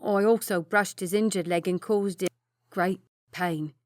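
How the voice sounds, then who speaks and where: A woman's voice: medium pitch, steady tone, unhurried, no echo, clean studio sound, close to an everyday voice. A woman voicing a nervous, humble male servant who speaks hesitantly and apologetically. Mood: contrite.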